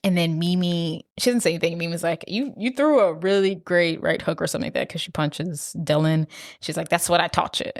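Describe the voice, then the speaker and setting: A woman's voice: on the low side, fairly quick, no echo, clean studio sound. A woman co-hosting a podcast, casually recapping a movie plot and acting out the characters' lines as she goes. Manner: animated retelling, acting out lines in quotes. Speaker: podcast co-host.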